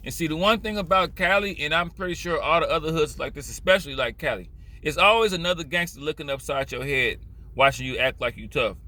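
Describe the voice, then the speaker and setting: A man's voice: a little high, fast talker, bright, forceful tone. A man from Richmond, California, with a Californian accent, giving blunt, profane, rambling street commentary in a casual vlog.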